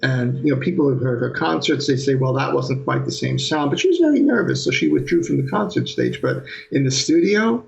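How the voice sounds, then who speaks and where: A man, a pianist, telling lively stories in an interview and acting out his old teacher's remarks. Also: mid-range voice, fairly quick, gravelly, hardly any pauses, low-quality recording. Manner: animated anecdotes, mimics his teacher's voice. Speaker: pianist guest. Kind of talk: conversational storytelling interview.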